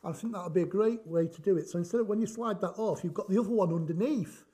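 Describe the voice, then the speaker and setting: A man's voice: high-pitched, fast, mellow. A middle-aged man hosting a chatty craft tutorial, joking and thinking aloud as he works. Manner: jokey, rambling, thinks aloud. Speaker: craft demonstration host.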